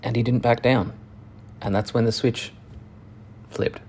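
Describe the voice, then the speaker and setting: A young man telling a personal story frankly and profanely, halting often with restarts. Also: mid-range voice, fairly even intonation, darkish tone, a little hiss or hum. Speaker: channel host.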